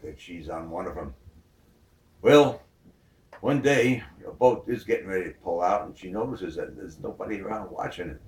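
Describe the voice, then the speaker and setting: Deep new guy telling a joke, lots of uhs, roomy echo, mic far off. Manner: rambling with many fillers. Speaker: joke teller. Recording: echoey room from far off.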